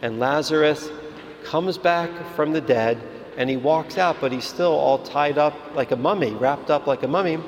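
A man, a priest, giving a calm, measured sermon in a church. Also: a little high, a little hiss or hum. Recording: reverberant hall with faint ambience.

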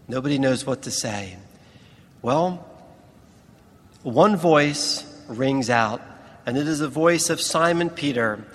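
A man preaching a sermon in a large church, teaching in a slow, deliberate way with emphatic pauses. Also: mid-range voice, a bit bright, long reverb tail.

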